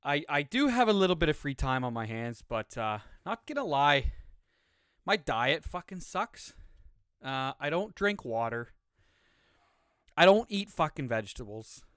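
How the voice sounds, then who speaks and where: A young man rambles through a solo podcast, cursing freely and poking fun at himself. His pitch sits a little high and his voice comes through smooth and clear. He sounds slightly out of breath, in a dry, close room. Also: sing-song, unhurried, fairly bright tone, dry recording. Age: young adult. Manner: casual, profane, rambling, self-mocking. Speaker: podcast host. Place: home studio room.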